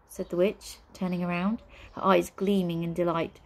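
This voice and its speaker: A woman reading a children's storybook aloud in a steady, measured way. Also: lowish voice, low-quality recording. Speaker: audiobook reader. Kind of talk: storybook narration.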